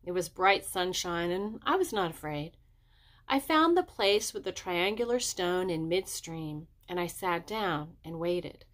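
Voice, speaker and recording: A woman reading a children's chapter book aloud, raising her pitch for the children's dialogue. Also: expressive, unhurried, a bit bright. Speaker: audiobook reader. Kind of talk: storybook narration.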